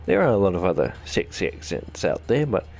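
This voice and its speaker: Kiwi guy with a gravelly voice doing let's-play commentary, rambly and jokey. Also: deep voice, sing-song, a little fast, darkish tone, faint music behind. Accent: New Zealand. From New Zealand. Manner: rambling, jokey, self-deprecating chatter. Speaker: gaming channel host.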